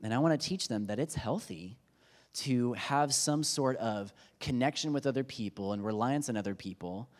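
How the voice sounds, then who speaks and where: A man's voice: medium pitch, a little mellow. Man preaching in a reverberant church. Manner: conversational, self-deprecating humor, acts out quotes. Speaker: pastor. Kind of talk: sermon. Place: church sanctuary. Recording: long reverb of a church hall.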